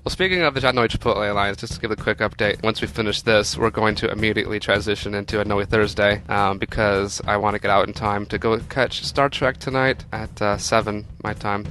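Brief: male host, bright edgy tone, rambling chatty delivery. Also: fairly low pitch, steady tone, fairly quick, few pauses, slight background noise. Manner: rambling, laughs often. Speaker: podcast host. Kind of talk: casual chat.

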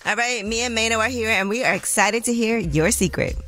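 A woman's voice: on the high side, brisk, a bit bright, faint music behind. A woman hosting a morning radio show, laughing and teasing her callers. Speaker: radio host.

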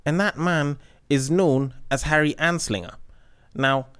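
Cheeky podcast host. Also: male voice, a little high, a little slow, fairly bright tone, smooth. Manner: cheeky, joking, tangent-prone storytelling. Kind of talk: casual solo podcast monologue.

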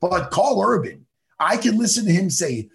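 A man talks in a gravelly, husky voice that swings up and down with lively pitch. He chats casually and animatedly, swearing freely and breaking into impressions. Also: moderate pace. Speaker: podcast co-host. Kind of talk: casual chat.

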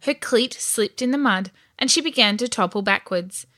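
A woman narrating a children's storybook in a lively, expressive way. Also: a little high, normal speed, no room sound, studio quality.

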